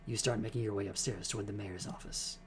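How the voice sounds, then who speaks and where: A man streaming a narrative game, reading its text aloud in a relaxed, amused way. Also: lowish voice, fast, a little hiss or hum.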